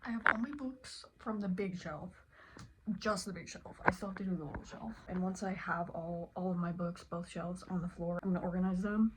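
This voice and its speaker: Heavy background noise surrounds a teenage woman's lowish, steady voice as she talks fairly quickly. In a casual bedroom vlog, she cries and rambles with emotion, using the filler "like" constantly.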